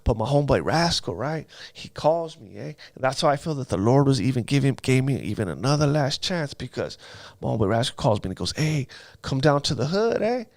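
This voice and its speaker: A man's voice: mid-range voice, expressive, fast talker, no echo, studio quality. A man telling his life story in a casual interview, using street slang and acting out sounds.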